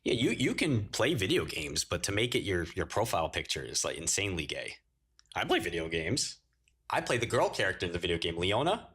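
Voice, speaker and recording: A man with a husky, slightly breathy voice rattles off crude, slangy stories on a casual livestream. His pitch swings around, and he laughs often. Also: very animated, brisk, a bit bright. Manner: slangy storytelling. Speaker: livestream host.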